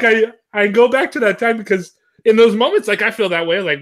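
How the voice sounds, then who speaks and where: Bright, chatty man rambling with a laugh. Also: sits high, a little fast. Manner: rambling, filler-heavy, laughs often. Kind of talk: casual chat.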